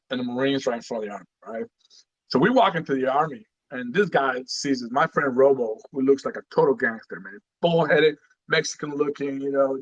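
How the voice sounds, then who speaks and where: A middle-aged man from Guatemala, a retired Marine, tells his story as a guest in a casual podcast interview. He's animated and says "you know" a lot. His voice is mid-range, and the recording has its highs cut off.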